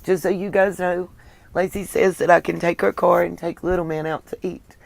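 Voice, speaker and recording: A woman's voice: fairly low pitch, fairly even intonation, moderate pace, creaky, dry recording. Southern lady chatting on her stream, thanking folks by name, dry close sound. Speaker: livestream host reading viewer comments. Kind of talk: casual chat.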